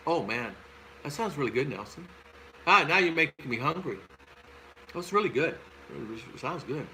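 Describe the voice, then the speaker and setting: An older man with a Southern American accent hosts a casual livestream from his home in the Philippines, rambling through viewer comments and chuckling often. His voice is on the high side, very animated and sharp-toned, at a moderate pace with frequent pauses. The recording is rough, with slight background noise.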